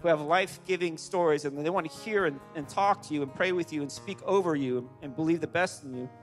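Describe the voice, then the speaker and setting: A male pastor preaching a sermon to a congregation, animated and emphatic, with frequent restarts. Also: on the high side, quick pace, faint music behind. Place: large church hall. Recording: long hall reverb.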